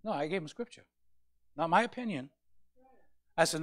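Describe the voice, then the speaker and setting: A male pastor preaching a sermon, with passionate rises to loud peaks. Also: a little high, expressive, normal speed, long pauses, no room sound, clean studio sound.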